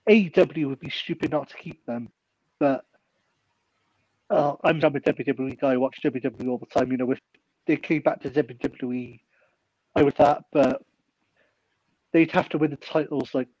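A man's voice: medium pitch, steady tone, normal speed, pauses often, darkish tone, no room sound, highs cut off. Dry-sounding man, rambling. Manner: rambling, opinionated fan talk. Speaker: podcast co-host. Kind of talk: casual chat.

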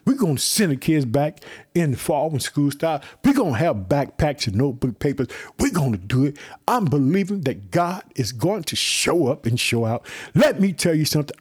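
An excited man from Chicago preaching a devotional message on his podcast, with an exuberant manner and constant "let me tell you something.". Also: fairly high pitch, husky. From United States.

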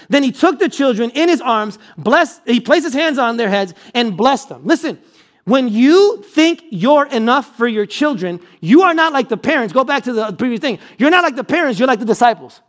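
A male pastor preaching a sermon, emphatic and repetitive, rising to forceful declarations and dropping low and quiet for weighty points.

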